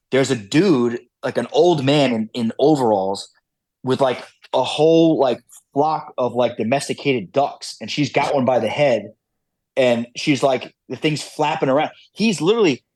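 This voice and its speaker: A man's voice: medium pitch, a little mellow, slightly rough, dry recording. A man guest on a podcast, telling hunting stories casually, with many fillers and restarts. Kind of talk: casual storytelling.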